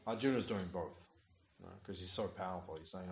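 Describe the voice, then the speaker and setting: A man's voice: deep voice, a little fast, a little hiss or hum. A tired man leads a scripture class, reading the old verses and then unpacking them in plain, chatty asides. He keeps checking in with his listeners with "uh" and "right?" The room around him is echoey.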